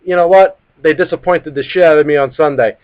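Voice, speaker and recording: A New man in his thirties hosts a live sports talk stream, ranting hot and swearing freely. His voice sits fairly high. The sound is muffled and lo-fi, like a cheap webcast. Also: brisk, smooth. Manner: heated, profane ranting. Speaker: sports talk show host. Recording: dull lo-fi live stream audio.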